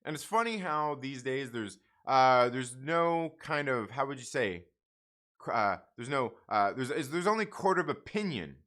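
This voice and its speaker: A man's voice: medium pitch, very animated, a little slow, a bit bright. A middle-aged man hosting a casual livestream, speaking bluntly and profanely, rambling with frequent restarts. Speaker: comic book channel host.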